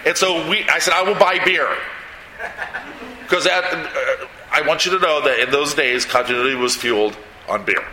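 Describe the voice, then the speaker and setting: A comic book artist in his sixties tells rambling stories to a live audience, often restarting and laughing. His medium-pitched voice is a little fast, with background noise and a roomy, echoey hall sound.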